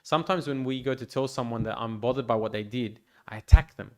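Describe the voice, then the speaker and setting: A man, a priest, giving an informal pastoral talk to a youth group in a gentle, reflective way, with frequent restarts and fillers. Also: medium pitch, quick pace. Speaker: priest leading a youth meeting. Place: church hall.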